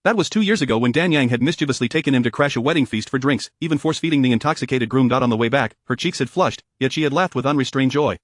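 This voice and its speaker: A man reading a romance story aloud as narrator, in a steady, even voice. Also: mid-range voice, fast, hardly any pauses, no room sound, studio quality.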